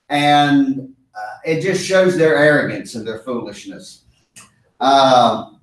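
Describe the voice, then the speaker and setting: Earnest man teaching in an echoey room. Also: mid-range voice. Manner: earnest, emphatic, repeating key phrases for stress. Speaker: Bible study leader. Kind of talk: Bible study discussion. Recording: echoey room, mic far off.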